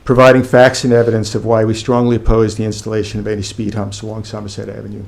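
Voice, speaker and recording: A man's voice: on the low side, monotone, quick pace, gravelly, a little mellow. A man, a local resident, reading a firm, factual prepared statement during public comment at a village board meeting.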